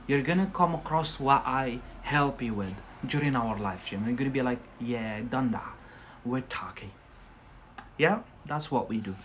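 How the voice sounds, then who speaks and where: A man's voice: medium pitch, slight background noise. Chatty man with a Scottish-tinged accent. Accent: Scottish-influenced English. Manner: chatty, reassuring, repeats "yeah?" often. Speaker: English teacher, live stream host. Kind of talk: casual live-stream English lesson.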